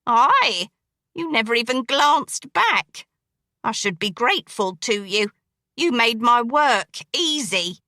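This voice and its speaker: A woman voicing a menacing crippled male dressmaker who killed women, speaking slowly in a coarse dialect. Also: fairly high pitch, sing-song, pushed and bright, no room sound, studio quality, heavily acted. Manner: slow, brooding, coarse dialect.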